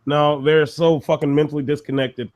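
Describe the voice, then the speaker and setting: A man with a notably high voice rants in blunt, profane bursts. He is co-hosting a loose, casual discussion. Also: level tone, moderate pace, darkish tone. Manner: blunt, ranting, heavy swearing. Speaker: podcast co-host.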